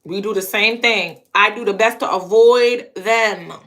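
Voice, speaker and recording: A woman's voice: medium pitch, unhurried, fairly bright tone. A woman hosting her own channel, telling a personal story in a casual monologue, hammering home her points by repeating phrases. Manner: emphatic, repeats phrases for punch. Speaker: channel host.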